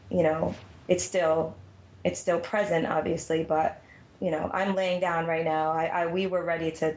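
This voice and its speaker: A woman calling in to a talk show while lying down. She speaks nervously and haltingly, repeating her words. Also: low voice, a little mellow, reverberant, low-quality recording. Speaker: caller. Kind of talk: emotional phone conversation. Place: lying down at home.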